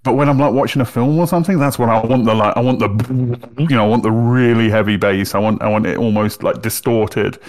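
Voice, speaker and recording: A man's voice: mid-range voice, a little fast, few pauses, darkish tone. A man with a Northern English accent, chatting casually and swearing freely, often breaking into laughter. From Northern England. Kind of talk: casual chat.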